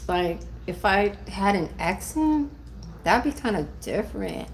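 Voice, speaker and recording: A woman's voice: mid-range voice, sing-song, measured pace, vocal fry, slight background noise. A middle-aged woman hosting a casual livestream over lunch, reading out viewer comments with lots of fillers. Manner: chatty, reads out viewer comments, many fillers. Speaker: livestream host. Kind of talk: casual live chat while eating lunch.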